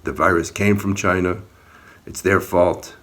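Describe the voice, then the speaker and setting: In a video, an activist gives an earnest personal account of an encounter outdoors, speaking plainly and sometimes heatedly. His low voice is steady in tone, a little slow and a bit bright.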